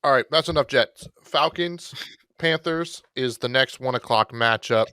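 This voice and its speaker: A man co-hosting a podcast, talking through fantasy football picks in a relaxed, rambling way with self-deprecating jokes. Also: medium pitch, a little slow, smooth, no echo, clean studio sound. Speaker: podcast co-host. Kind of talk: casual fantasy football chat.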